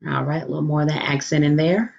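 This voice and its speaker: A woman's voice: sits low, steady tone, fast talker, vocal fry, a little mellow, lo-fi sound. A woman hosting a home cooking demonstration, chatty and playful, calling viewers honey and baby. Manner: playful food exclamations. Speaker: cooking show host.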